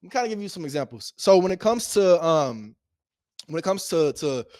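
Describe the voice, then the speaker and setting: A man's voice: a little high, big pitch swings, a little fast, darkish tone, no room sound, clean studio sound. A man teaching real estate wholesaling in a casual motivational style, emphatic and repetitive, slangy, often laughing.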